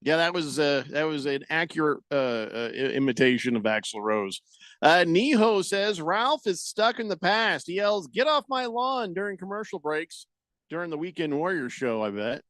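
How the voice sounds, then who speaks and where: A man's voice: on the high side, animated, normal speed, a bit bright, no room sound. A man hosting a sports radio show in casual banter, rambling and laughing as he reads listener texts. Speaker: radio sports talk host. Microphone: studio microphone.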